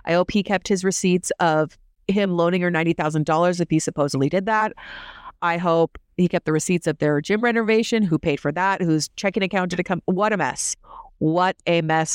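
Woman podcast host, casual and opinionated, smooth, clear voice in a dry, close booth. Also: on the low side, no echo. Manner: chatty and opinionated, quick asides.

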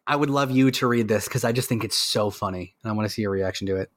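A man co-hosting a casual music podcast from a remote call, talking in an excitable, rambling and self-mocking way. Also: fairly low pitch, quick pace, no room sound. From Canada. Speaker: podcast co-host. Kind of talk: casual chat. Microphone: remote call mic.

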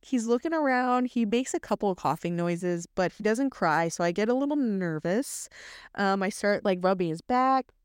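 Young woman host, chatty solo storyteller, candid, clear voice, dry close sound. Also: mid-range voice, animated, normal speed, dry recording. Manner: chatty, candid, many ums and likes. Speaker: podcast host.

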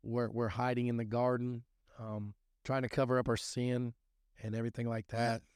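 A man's voice: medium pitch, little pitch movement, normal speed, darkish tone, smooth, dry recording, studio quality. A man giving a rambling, folksy talk on scripture and recovery, full of restarts and fillers. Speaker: recovery podcast host.

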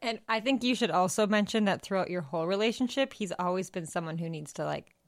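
A woman's voice: fairly low pitch, fast talker. A woman co-hosting a podcast, reacting supportively and adding her own view as a friend. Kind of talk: casual chat.

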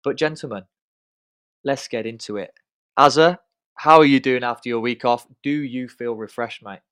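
A young man hosting a podcast with cheeky, profane banter. His voice is mid-pitched and sounds dry, with no room echo. He talks up his guests with plenty of swagger. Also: normal speed, a bit bright, clear, resonant tone. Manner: cheeky, swearing, hypes up guests. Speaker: podcast host. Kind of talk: casual banter.

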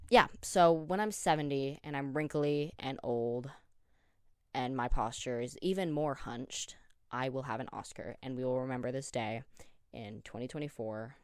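A man's voice: medium pitch, a little mellow, clean tone, no room sound, clean studio sound. A young man in his late teens hosting a casual solo podcast, rambling, joking and teasing himself. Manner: rambling, jokey and self-deprecating. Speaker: podcast host. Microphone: studio headphones with a desk mic.

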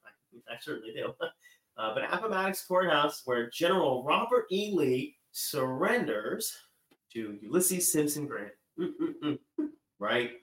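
A man's voice: fairly high pitch, expressive, unhurried, a bit bright, echoey room, rough recording. A man from Maryland hosting a morning show, delivering a rambling, irreverent political monologue with swearing and asides.

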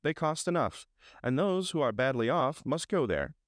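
A man's voice: a little high, sing-song, normal speed, no room sound, clean studio sound. Scrooge, a man voicing a curt old miser. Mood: cold, dismissive. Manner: curt and dismissive.

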